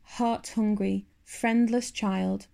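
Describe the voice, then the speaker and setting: Female audiobook narrator, gravelly, mellow, measured storytelling. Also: medium pitch, steady tone. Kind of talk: scripted narration of a classic novel.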